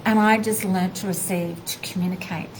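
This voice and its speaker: A woman, a spiritual teacher, telling a personal story in a live video, animated and heartfelt, acting out bits of dialogue. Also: mid-range voice, normal speed, slight background noise, rough recording.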